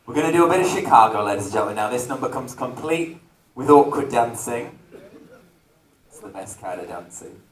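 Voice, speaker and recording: Camp drag entertainer on stage. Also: male voice, mid-range voice, lively intonation, brisk. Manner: camp, self-mocking, jokey. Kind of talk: cabaret stage banter. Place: holiday park entertainment venue, on stage. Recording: echoey venue recorded from far off.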